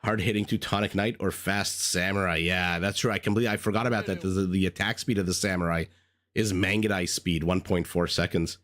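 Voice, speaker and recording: A man's voice: deep voice, steady tone, fairly quick, fairly bright tone. A man recovering from a cold, chatting through live game commentary, thinking aloud and greeting viewers. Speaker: game caster. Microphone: desk microphone.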